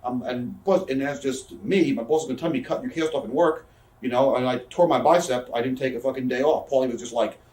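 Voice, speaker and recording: The speaker is a man in his thirties with a mid-range, darkish voice, recorded from a distance with roomy echo. He's a guest in a casual shoot interview, rapidly recounting profane stories and acting out what others said.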